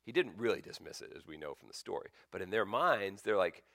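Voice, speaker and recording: A male pastor preaching a sermon as a story, swinging between loud bursts and near-whispers. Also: lowish voice, sing-song, fairly quick, creaky, no room sound, studio quality.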